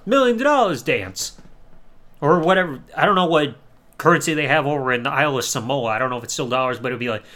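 A man's voice: high-pitched, fairly bright tone. A man hosting a podcast, reviewing in a sarcastic, mocking way and swearing casually. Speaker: podcast host.

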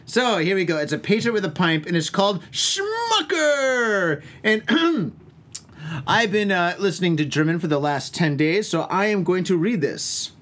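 A man's voice: sits high, a little fast, few pauses, fairly bright tone. A man hosting a casual drinking podcast, telling crude, rambling stories with lots of swearing. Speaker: podcast host. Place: home, indoors.

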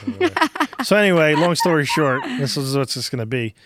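A man's voice: a little high, fairly quick, no echo. Male podcast host, 40s, casual profane storyteller, dry close recording. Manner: rambling, profane, animated storytelling. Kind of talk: casual chat.

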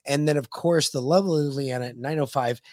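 A man's voice: mid-range voice, brisk, darkish tone. A man hosting a podcast, joking crudely and swearing freely in casual chat. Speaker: podcast host.

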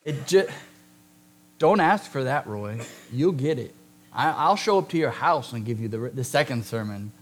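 A man preaching a sermon, speaking conversationally with joking asides and slowing down to stress key words. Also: medium pitch, lively intonation. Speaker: pastor.

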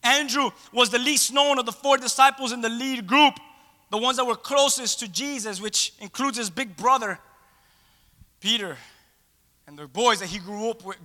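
Male pastor, high and bright voice, playful storyteller, echoey hall. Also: moderate pace. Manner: playful, animated storyteller acting out scenes. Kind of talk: sermon.

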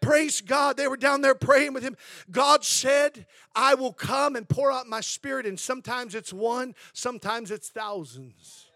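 A high-pitched man preaching with a bright, forceful edge. He tells stories and keeps dropping in amens and praise interjections, climbing to shouts at the peaks. The sound is dry and close. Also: unhurried, dry recording. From Southern California. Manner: storytelling preacher, rising to shouts. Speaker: pastor. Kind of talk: sermon.

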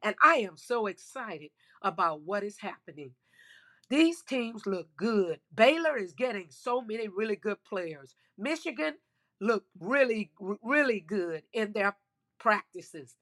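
A woman's voice: medium pitch, lively intonation, unhurried, fairly bright tone. A woman hosting a casual football talk show, chatty and emphatic, speaking to her listeners while losing her voice. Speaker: sports podcast host. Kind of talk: casual sports commentary.

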